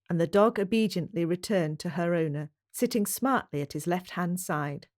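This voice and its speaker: A woman reading a historical novel aloud as audiobook narrator, measured and even. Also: lowish voice. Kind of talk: storybook narration.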